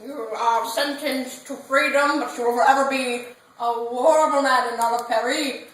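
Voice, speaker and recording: A woman voicing a stern man who solemnly sentences a prisoner, in a slow, grave delivery. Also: sits high, steady tone, fairly bright tone. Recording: echoey room, far from phone mic.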